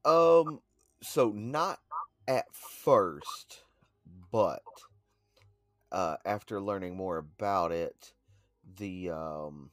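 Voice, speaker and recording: A man with a very low voice co-hosts a casual podcast. He talks unhurriedly and pauses often with "uh". The recording is dry and close. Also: lively intonation, a bit bright, no echo. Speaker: podcast co-host.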